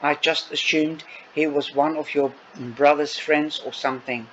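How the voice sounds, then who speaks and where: A man's voice: a little high, fairly even intonation, measured pace, fairly bright tone. A man reading a novel aloud, voicing a bossy but caring young woman who gives firm orders. Dull lo-fi recording with faint noise. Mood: flustered. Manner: firm, commanding. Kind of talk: audiobook reading.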